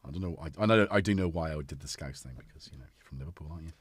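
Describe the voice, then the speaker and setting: A man's voice: extremely low pitch, racing, breathy edge, no echo. A man hosting a livestream, chatting in a rambling way that trails off mid-thought. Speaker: livestream host. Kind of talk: casual livestream chat. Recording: synth music playing underneath.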